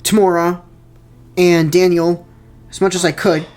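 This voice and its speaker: A man's voice: high-pitched, flat delivery, measured pace, a little mellow. A young man giving casual director's commentary on his fan film, rambling with many fillers and repeated words.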